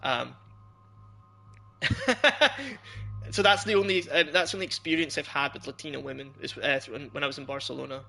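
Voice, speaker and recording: A man's voice: mid-range voice, fairly even intonation, fairly quick, gravelly, long pauses, bright, forceful tone, faint music behind. A young Scottish man streaming a game, rambling loosely, laughing often as he chats with his viewers. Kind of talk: casual chat while streaming a game.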